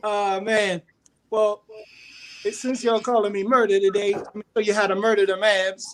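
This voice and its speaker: Fitness guest, relaxed, joking, workout intro, video call. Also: medium pitch, normal speed, a little hiss or hum.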